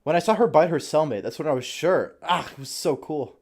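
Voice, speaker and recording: A man voicing an eager young male prison guard, who talks in an earnest, fumbling and excitable way. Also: on the high side, a little fast, voice pushed up.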